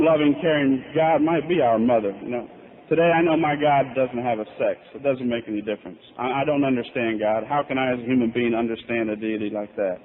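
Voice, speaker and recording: A middle-aged man telling his recovery story at a convention, candid and self-mocking. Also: medium pitch. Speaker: recovery speaker. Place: convention hall. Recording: tinny lo-fi tape with faint hiss.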